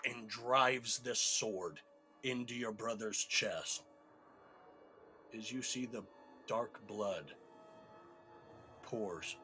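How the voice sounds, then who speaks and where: A man narrating a tabletop game as game master, telling the story in a dramatic, measured way. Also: lowish voice, over music.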